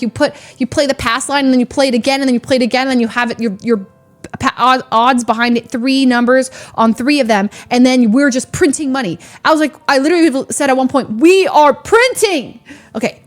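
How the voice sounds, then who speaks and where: Young woman, casual storytelling chat, lively, laughs a lot, high-pitched, soft music underneath. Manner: animated, laughs often, acts out quotes. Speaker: streamer.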